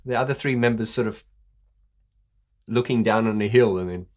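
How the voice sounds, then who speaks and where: A man's voice: on the low side, moderate pace, darkish tone. A man hosting a casual video commentary, enthusiastic, laughing often, with many fillers. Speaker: host.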